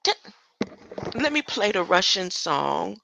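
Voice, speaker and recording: A woman's voice: medium pitch, big pitch swings, slow pace, vocal fry, sharp tone, slight background noise, low-quality recording. A woman hosting a livestream, rambling through a spiritual monologue, often ending her lines with a questioning "huh?" and laughing between thoughts.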